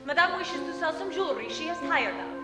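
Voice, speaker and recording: An actress in a stage musical playing a brisk, formal assistant to a ballerina. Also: female voice, very high-pitched, lively intonation, loud music behind the voice. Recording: echoey theatre hall with loud orchestra.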